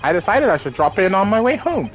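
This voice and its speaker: A woman voicing a smug, languid British detective in a game let's play, drawling dryly and trailing off low. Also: very animated, fast talker, muffled recording, soft background music, natural voice.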